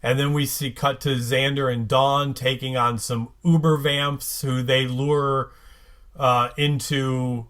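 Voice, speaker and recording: Slow halting man recapping a show. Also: medium pitch, flat delivery, fairly bright tone. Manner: halting, many fillers and restarts. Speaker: podcast co-host recapping episodes. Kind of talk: casual recap chat.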